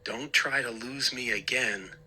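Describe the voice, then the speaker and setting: A hoarse, tinny little wooden dummy , as a man puts him on for a storybook reading. He threatens and mocks in a sharp, forceful rasp. The pace is slow and deliberate. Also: mid-range voice. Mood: menacing. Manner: menacing, threatening. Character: sinister male ventriloquist dummy, menacing and mocking.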